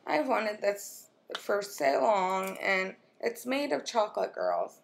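A woman vlogging at home as she unboxes a makeup swap, gushing and excitable as she talks to her viewers and her friend. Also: mid-range voice, takes it slowly, gravelly. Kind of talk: casual unboxing chat. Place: at home, with her children nearby.

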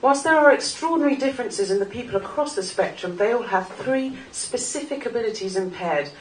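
A woman's voice: fairly high pitch, expressive, fairly quick, far from the mic. A woman in her forties gives an earnest personal talk with a wry, self-mocking humour. Her voice carries through an echoey room from a mic some way off, with a faint hiss behind. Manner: wry, earnest, laughs at her own jokes. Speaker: speaker at a live talk event. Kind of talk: personal talk to a live audience. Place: small club venue in front of an audience.

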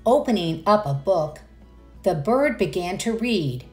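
A woman's voice: medium pitch, expressive, a little slow, soft background music. A woman reading a children's picture book aloud, with enthusiastic asides to young listeners. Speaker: read-aloud narrator.

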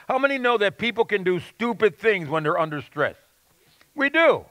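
Male pastor, high voice, dry close sound, earnest sermon with folksy stories. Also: big pitch swings, normal speed, fairly bright tone, dry recording. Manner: earnest preaching with folksy anecdotes and call-and-response.

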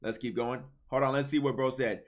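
A man streaming casual reaction commentary, blunt, swinging between low muttering and loud outbursts. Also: steady tone, brisk.

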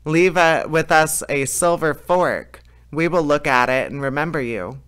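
A man reading as an eagle turned into a brave young man in a fairy tale, calling out eagerly and raised. The voice is bright and crisp. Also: fairly high pitch, a little slow. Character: eagle turned brave youth, male, welcoming.

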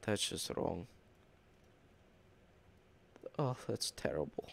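A man's voice: sits low, expressive, moderate pace, vocal fry, slight background noise. A man giving casual, self-deprecating commentary while playing a horror game. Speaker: gamer.

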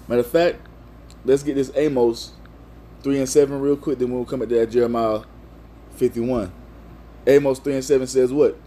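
A man's voice: mid-range voice, dark tone, husky. A man preaching in a video sermon, reading scripture and driving each point home with repeated "man" and "you see.".

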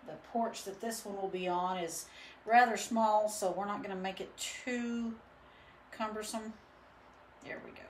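A woman's voice: mid-range voice, steady tone, a little slow, a little hiss or hum. A woman chatting casually through a live painting demo, rambling with lots of fillers. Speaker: painting instructor and studio owner. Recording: roomy echo.

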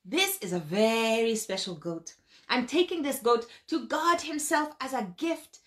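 A woman's voice: a little high, lively intonation, measured pace. A woman telling a folk tale and voicing a sly, boastful male spider trickster who wheedles and exclaims theatrically. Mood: wheedling.

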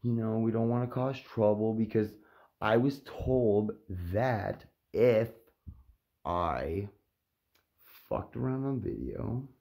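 A man with a low voice rambles slowly to the camera in a motel room. His talk is loose, jokey and full of swearing. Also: dark tone. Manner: joking, profane, rambling. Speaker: vlogger. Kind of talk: casual chat to camera.

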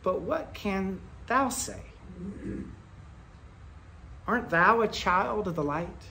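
A man delivering a Quaker sermon in a storytelling manner, moving between loud bursts and soft, low asides. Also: takes it slowly, gravelly, slight background noise. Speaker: speaker at a Quaker meeting.

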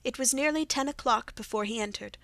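A woman narrating a classic detective audiobook in a steady, even storytelling manner. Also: on the high side, fairly quick, no echo. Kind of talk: scripted narration.

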